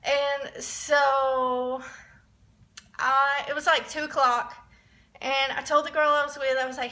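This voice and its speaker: A young woman telling a rambling, excitable story in a casual vlog, often restarting her sentences. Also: high voice, takes it slowly. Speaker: vlogger.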